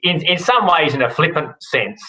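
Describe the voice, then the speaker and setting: Bright-voiced Australian man, chatty guest. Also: a little high, big pitch swings, normal speed, low-quality recording. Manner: chatty, rambling with fillers and restarts. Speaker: guest, rally broadcast host. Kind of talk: relaxed podcast interview.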